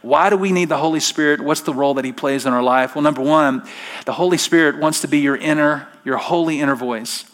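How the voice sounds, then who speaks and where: A man's voice: a little high, fairly quick, a bit bright. A middle-aged male pastor preaching a sermon from a church stage, emphatic and full of rhetorical questions.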